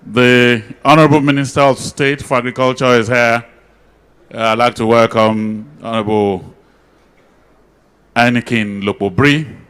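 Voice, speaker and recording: A man's voice: medium pitch, fairly even intonation, a bit bright, clean tone. A man, acting as master of ceremonies and formally welcoming dignitaries. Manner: formal, measured greetings of dignitaries.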